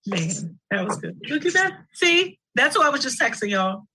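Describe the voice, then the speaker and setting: A woman co-hosting a casual chat show, chatty and quick to laugh as she tells stories. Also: a little high, very animated, bright, forceful tone, breathy edge, low-quality recording. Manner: chatty, storytelling, laughs easily. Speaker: co-host.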